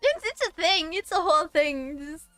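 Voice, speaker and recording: A young woman from Massachusetts chats casually on her live stream in a high, sharp, bright voice, rambling and giggling, with plenty of "um" and false starts. The sound is dry and close, with soft music playing faintly behind her. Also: lively intonation, normal speed, dry recording. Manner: rambling and giggly, with many fillers and restarts. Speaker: VTuber streamer.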